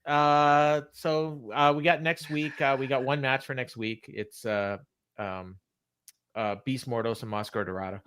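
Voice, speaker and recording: A man co-hosting a wrestling recap podcast in casual chat, laughing often and filling pauses with "uh". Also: medium pitch, steady tone, a bit bright, clear, resonant tone, no room sound, clean studio sound. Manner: chatty, laughs often, many fillers. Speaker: podcast co-host.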